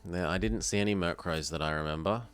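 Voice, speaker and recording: A man's voice: sits low, quick pace, a bit bright, clear, resonant tone, soft background music. An Australian man from South Australia, chatting casually as he streams a strategy game, thinking aloud and answering viewers. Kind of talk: casual live gameplay commentary.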